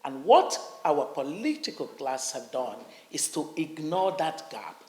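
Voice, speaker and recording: A woman's voice: low voice, very animated, unhurried, darkish tone. A Nigerian woman speaking on stage at a conference, passionately, acting out the voices of different groups. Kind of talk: on-stage conversation. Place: conference hall. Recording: echoey conference hall.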